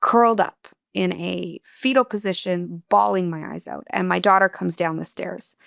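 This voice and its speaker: A woman's voice: lowish voice, fairly even intonation, moderate pace, vocal fry, a bit bright, no room sound, studio quality. A woman guest on an interview podcast, earnestly and candidly telling a personal story in a reflective, emotional way.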